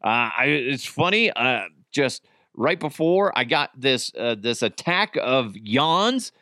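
A man's voice: big pitch swings, slow, pushed and bright, dry recording, clean studio sound. Yawning, joking podcast host man. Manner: rambling and joking, with sudden high-pitched bursts. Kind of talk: casual solo podcast chat. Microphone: camera and studio mic.

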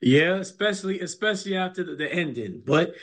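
A man's voice: high voice, lively intonation, fairly quick, a bit bright. A middle-aged man, a college basketball coach, telling stories emphatically in a casual interview and repeating words as he builds a point.

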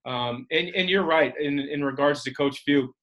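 A man hosting a podcast, a former player, speaking in a measured, reflective way with some fillers. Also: fairly high pitch, dull audio. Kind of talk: casual interview chat.

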